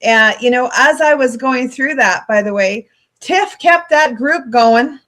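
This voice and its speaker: A woman's voice: high-pitched, unhurried, fairly bright tone. Candid, emotional woman co-host. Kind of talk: casual chat.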